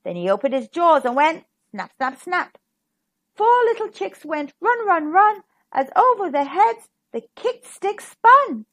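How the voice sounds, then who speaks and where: A woman's voice: extremely high pitch, big pitch swings, unhurried. A woman reading a rhyming picture book aloud to children in a sing-song, rhythmic way. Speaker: storybook reader. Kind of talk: children's storybook read-aloud.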